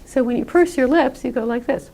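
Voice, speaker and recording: A woman with a high, gravelly voice teaches pronunciation. She explains patiently and says sample sounds aloud for learners to copy. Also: fairly quick, warm tone. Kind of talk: classroom-style explanation.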